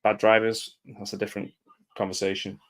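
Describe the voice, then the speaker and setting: Guy with a lowish voice riffing casually over a movie, reacts out loud, mutters asides. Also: monotone, brisk. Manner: chatty, reacting aloud, drops into quiet mumbled asides. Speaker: film commentator. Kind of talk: casual live film commentary.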